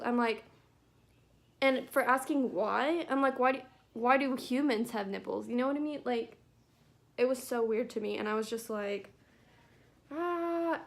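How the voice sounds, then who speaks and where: A young woman talks while she does her makeup at home. Her voice sits a little high and has a lot of vocal fry. She rambles through casual stories and fills them with constant "like"s. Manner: chatty storytelling full of "like" fillers. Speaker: beauty vlogger. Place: at home, not in her bathroom.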